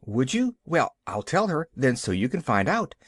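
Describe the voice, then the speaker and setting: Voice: mid-range voice, sing-song, normal speed, slightly rough, dry recording. A reader voicing an eager, cheerful little orphan girl. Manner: bright, eager, upbeat.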